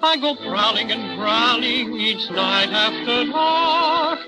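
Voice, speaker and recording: A man voicing a small, mock-fierce teddy bear who sings his song slowly in a sing-song style, for a radio drama. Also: very high voice, animated, exaggerated voice, poor audio. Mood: jaunty. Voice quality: slow, sing-song delivery. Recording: old radio recording over loud music.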